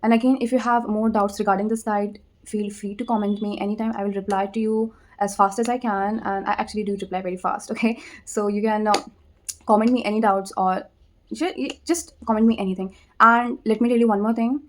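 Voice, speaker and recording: A young woman with an Indian accent, a native Hindi speaker, giving casual advice in a vlog. She talks conversationally, repeats her words, pauses to think and keeps tagging her sentences with "okay?". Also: medium pitch, steady tone. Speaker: vlogger.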